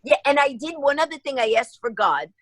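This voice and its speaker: A woman's voice: high voice, dry recording, rough recording. A woman comedian, a guest on an interview show, telling stories and acting out everyone's quotes as she goes. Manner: acts out everyone's quotes, quick and lively. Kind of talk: animated storytelling in a radio interview.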